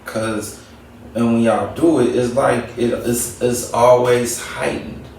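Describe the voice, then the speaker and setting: A man's voice: medium pitch, steady tone, slow pace, darkish tone, slight background noise. A man hosting a casual advice talk, speaking conversationally and repeating his points for emphasis. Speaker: talk show host. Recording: echoey room, mic at a distance.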